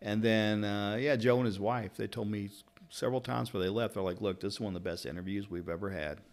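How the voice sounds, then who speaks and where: A middle-aged barber from Louisville speaks with a Kentucky accent in a fairly low voice. He is a rambling, lively storyteller in casual conversation, piling up anecdotes. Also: quick pace. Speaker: barber and interviewer. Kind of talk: casual chat.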